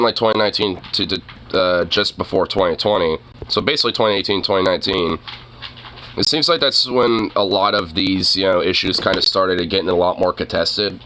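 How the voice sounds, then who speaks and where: A man's voice: deep voice, sharp tone, slight background noise. A man streamer giving rambling, casual commentary on clips, with many fillers, swearing and laughs. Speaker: streamer reacting to videos.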